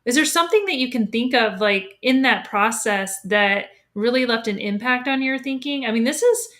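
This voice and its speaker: A woman's voice: a little high, fairly bright tone. A woman hosting a leadership podcast, asking long winding questions and giving plenty of encouraging affirmations. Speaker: podcast host. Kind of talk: casual interview.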